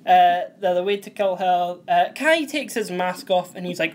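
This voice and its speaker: A man's voice: sits high, normal speed. A young man, casually recapping a TV episode, rambling and often correcting himself. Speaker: host.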